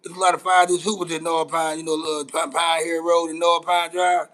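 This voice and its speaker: A man's voice: a little high, level tone, brisk, a bit bright. A man with a Los Angeles accent hosting a casual live-stream chat, teasing his viewers in brash, profane banter. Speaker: host.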